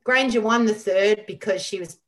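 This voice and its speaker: A middle-aged woman, a guest on an interview show, telling a lively story full of quoted dialogue. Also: mid-range voice, moderate pace. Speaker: guest, former squash champion.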